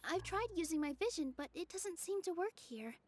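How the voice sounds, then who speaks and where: A sweet soft-spoken game girl, really high voice, kinda apologetic. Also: animated, normal speed. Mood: gentle. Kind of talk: game cutscene voice acting.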